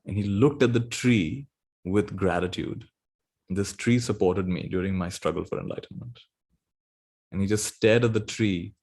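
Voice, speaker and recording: A man giving a dharma talk, telling a story gently and laughing often as he goes. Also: fairly low pitch, normal speed. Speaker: spiritual teacher.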